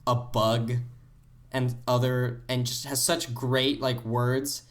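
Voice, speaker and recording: A man's voice: medium pitch, level tone, slow. A man co-hosting a casual gaming podcast, musing thoughtfully with frequent "like" fillers. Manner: thoughtful, heavy use of "like" fillers. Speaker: podcast co-host. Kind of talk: casual chat about video games.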